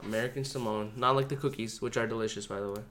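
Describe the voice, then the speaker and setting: A man co-hosting a casual podcast chat with friends, loud and joking in quick banter. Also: lowish voice, steady tone. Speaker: podcast co-host.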